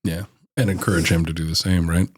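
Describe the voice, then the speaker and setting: Man, podcast host, low voice, husky, relaxed and encouraging. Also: a little fast. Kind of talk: casual interview chat.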